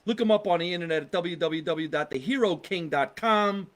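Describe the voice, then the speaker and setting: A man's voice: high voice, a little fast, a bit bright. A man with a New Jersey accent, a comedian hosting a casual live podcast, chatting and reading out viewer comments in a rambling way. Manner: chatty, rambling, exasperated asides.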